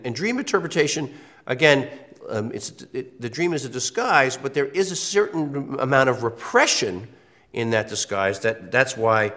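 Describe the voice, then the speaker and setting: A man's voice: medium pitch, a bit bright. A male university lecturer with congestion from a cold, talking conversationally through a recorded course lecture and repeating key phrases for emphasis.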